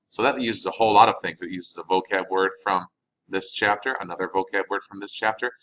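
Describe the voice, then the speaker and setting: Low-voiced man teaching a language lesson. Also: a bit bright, rough recording. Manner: patient, explanatory, reads phrases then translates. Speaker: Spanish teacher. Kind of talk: recorded classroom lesson.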